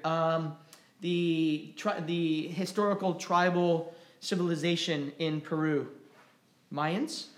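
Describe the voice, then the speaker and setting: A man preaching a sermon to his church, growing loud and impassioned when he drives a point home. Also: on the high side, roomy sound. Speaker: pastor. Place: church sanctuary.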